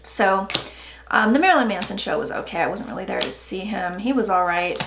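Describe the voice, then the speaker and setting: A woman's voice: medium pitch, very animated, brisk, gravelly. A woman in her forties giving a casual tarot reading, chatty and blunt, swearing freely. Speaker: psychic tarot reader. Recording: echoey room with faint noise.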